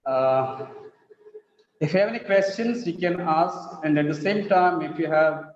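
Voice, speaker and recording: High-voiced man teaching, echoey muffled call. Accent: Indian English. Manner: slow, deliberate, repeats sentences with shifting emphasis. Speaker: English phonetics teacher. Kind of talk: online lecture.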